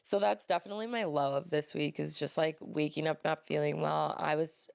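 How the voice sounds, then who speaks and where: A young woman with a stuffy, congested voice and a low, gravelly tone. She tells stories as a podcast co-host in a loose, chatty style, swearing casually. The sound is close and dry. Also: fairly even intonation, brisk, dry recording. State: congested from a cold. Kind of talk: casual chat.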